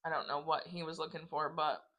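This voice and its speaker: A woman's voice: deep voice, level tone, fairly quick, pushed and bright. A young woman co-hosting a casual podcast chat, talking loosely with lots of "like", swearing and laughing. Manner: reads dating app messages aloud in mocking voices. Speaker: podcast co-host.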